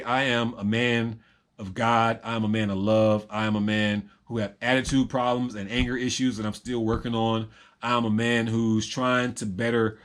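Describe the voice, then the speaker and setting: Male vlogger, mid pitch, reflective and unscripted, pauses and restarts often. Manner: reflective, halting, with many ums and restarts. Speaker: vlogger and reseller. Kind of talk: rambling personal vlog.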